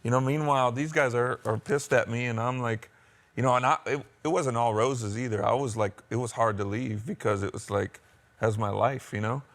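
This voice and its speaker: A man's voice: mid-range voice, fairly even intonation, moderate pace, a bit bright. An American man in a band, telling his story in a rambling, open way during a casual interview. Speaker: band member.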